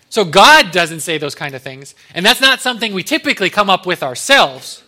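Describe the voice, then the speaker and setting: A man's voice: sits high, lively intonation, fairly quick, few pauses, bright, forceful tone. A man pastor giving a conversational sermon, with joking asides to the congregation.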